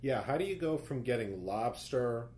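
Brief: male interview host, relaxed and chatty, lively pitch, mid-range voice. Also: normal speed, a little hiss or hum. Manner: brief backchannel replies and short questions. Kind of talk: casual interview chat.

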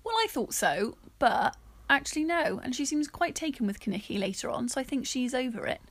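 Chatty woman, lively. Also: sits high, a little fast. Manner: animated, jokey, acts out lines in put-on voices. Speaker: podcast co-host. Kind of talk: casual chat about a film.

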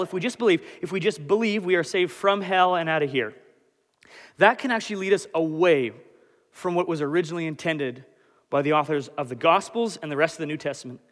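A man in his late twenties preaching a sermon as pastor, animated and conversational. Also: high-pitched, normal speed. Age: 20s. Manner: animated, conversational, self-deprecating. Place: church hall. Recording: long hall reverb.

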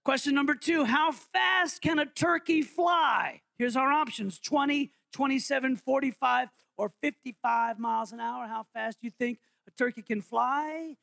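A man's voice: very high voice, normal speed, creaky, hardly any pauses, pushed and bright, no echo. A man preaching as interim pastor, in a playful, jokey way, quizzing his congregation during an interactive holiday sermon.

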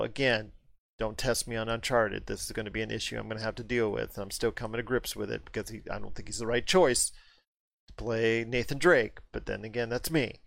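A man hosting a casual movie chat, getting animated and rising in pitch when something puzzles him. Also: creaky, no room sound. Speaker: podcast host.

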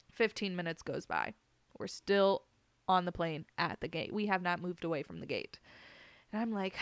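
Animated young woman telling a story. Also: lowish voice, moderate pace, dry recording. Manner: animated, laughing, swears freely. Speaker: podcast host. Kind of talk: casual personal storytelling.

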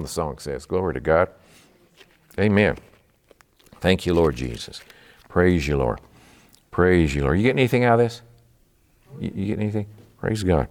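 A man's voice: deep voice, lively intonation, normal speed, long pauses, a little mellow. A man from Texas preaching a midweek sermon in a fervent, emphatic way. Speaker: pastor.

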